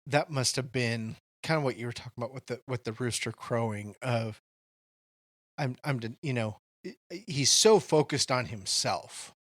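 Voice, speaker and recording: A man's voice: mid-range voice, a bit bright, no echo, clean studio sound. A man co-hosting a podcast, speaking in an earnest, reflective way in casual discussion. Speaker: podcast co-host.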